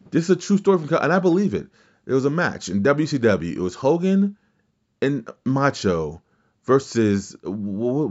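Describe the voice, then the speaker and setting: A man's voice: medium pitch, a little mellow, lo-fi sound. A man hosting a casual wrestling podcast, rambling through his opinions, swearing freely and restarting sentences. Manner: rambling, profane, with restarts and mimicked quotes. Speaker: podcast host.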